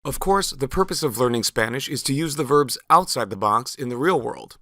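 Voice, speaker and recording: A man narrating a scripted language lesson, slow and careful, stressing syllables clearly as he models words. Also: medium pitch, animated, fairly bright tone, dry recording, studio quality. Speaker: Spanish teacher.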